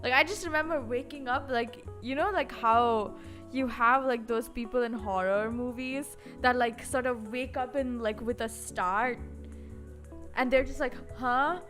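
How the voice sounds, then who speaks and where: A woman's voice: a little high, measured pace, fairly bright tone, soft background music. Chatty rambling woman streamer. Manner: rambling, chatty, full of "like" fillers. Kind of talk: casual live-stream chat.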